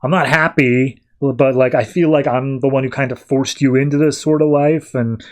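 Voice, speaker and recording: Brief: earnest self-doubting young hero, halting delivery, read by a man. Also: medium pitch, steady tone, close to an everyday voice. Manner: hesitant, earnest.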